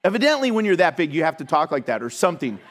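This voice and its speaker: A man preaching a sermon, telling funny stories in an animated way and laughing along with his congregation. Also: a little high, rapid-fire. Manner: animated, humorous, laughs between lines. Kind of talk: sermon with storytelling.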